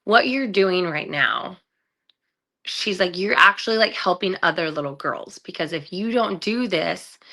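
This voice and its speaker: Bright-voiced woman recounting her story. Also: fairly low pitch. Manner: candid storytelling with acted-out quotes and many fillers. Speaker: guest, trafficking survivor. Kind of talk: personal story in conversation.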